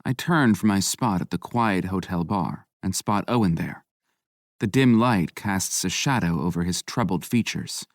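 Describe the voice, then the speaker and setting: A man narrating a romance audiobook in a low, intimate, measured voice. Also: dry recording. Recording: dry close studio mic.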